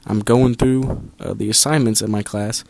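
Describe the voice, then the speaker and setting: A man with a slightly low voice tells a storytime commentary over a basketball video. He is sarcastic and animated, often turning to the listener with rhetorical questions. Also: normal speed. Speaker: basketball YouTuber.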